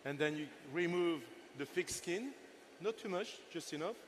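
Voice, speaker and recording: An older man in his sixties, a chef running a live cooking demo on stage. His voice sits a bit high for a man, and he chats playfully with his helpers and the audience as he works. A faint hum of ambient noise sits behind him. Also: moderate pace. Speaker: chef giving a cooking masterclass.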